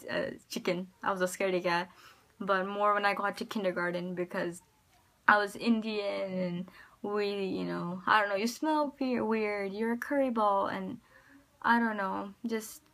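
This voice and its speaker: American woman vlogging, halting and rambling. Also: mid-range voice, fairly even intonation, fairly bright tone. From United States. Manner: rambling and hesitant, many ums and restarts. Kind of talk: casual personal storytelling to camera.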